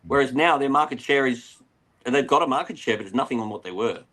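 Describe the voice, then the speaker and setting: A man's voice: medium pitch, quick pace. A middle-aged Australian man, an aquarium retailer, chatting casually as a guest and rambling through stories. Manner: rambling, animated storyteller. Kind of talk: casual interview chat.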